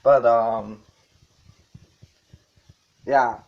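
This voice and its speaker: A man's voice: medium pitch, steady tone, very slow, highs cut off. A man reviewing a movie in a casual, rambling way, swearing and chuckling as he goes.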